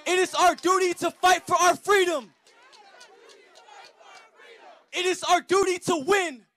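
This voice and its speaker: A man's voice: very high-pitched, steady tone, moderate pace, faint music behind, some chatter behind. A man performing a rhythmic spoken-word poem at a street rally. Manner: rhythmic, building to shouts.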